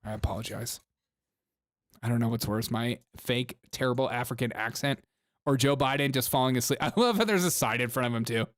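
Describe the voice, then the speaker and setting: A man's voice: medium pitch, a little fast, no echo, clean studio sound. A young man hosting a comedic political livestream, joking, laughing often and reading chat comments aloud. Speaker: live stream host. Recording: music playing behind the voice.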